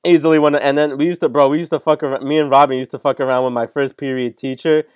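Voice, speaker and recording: A teenage man, a podcast co-host, excitedly telling a funny story on an online group call, swearing and laughing as he goes. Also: medium pitch, fast, smooth, no echo, studio quality. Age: teens. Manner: animated, swearing, laughing at his own story. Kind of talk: casual storytelling.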